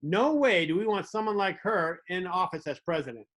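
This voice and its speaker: A man's voice: sits high, lively intonation, moderate pace, a bit bright. A man hosting a comedic monologue, telling wry stories with little mock dialogues. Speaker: host.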